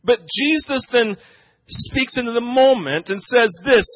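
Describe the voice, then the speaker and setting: High-voiced pastor on a dull recording. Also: male voice, unhurried, no room sound. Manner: keeps asking the audience "right?"; acts out quoted speech with energy. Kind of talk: sermon.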